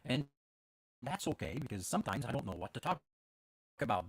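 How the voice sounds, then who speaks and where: A man's voice: medium pitch, big pitch swings, brisk, slightly rough, no room sound. Guy rambling on his podcast, lots of uhs, voice jumps all over. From Canada. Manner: rambling, many fillers and restarts, laughs often. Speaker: podcast host. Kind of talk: casual chat. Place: at home with his dog.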